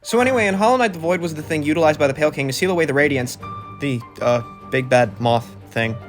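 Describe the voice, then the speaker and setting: Fast, sarcastic man recapping a game. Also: a little high, faint music behind. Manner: fast, swearing, sarcastic, swinging into loud excited outbursts. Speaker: gaming video commentator. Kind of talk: comedic game recap narration.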